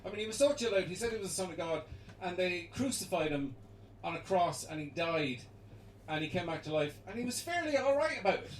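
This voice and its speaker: Young Irish stand-up, rambling and chuckling, high voice, caught from a distance in a roomy basement. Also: male voice, lively intonation, fast. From Ireland. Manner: rambling, chuckling through jokes, sudden shouted bits. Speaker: stand-up comedian. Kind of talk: live stand-up set. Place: small basement comedy room. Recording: echoey basement gig, distant mic, loud noise.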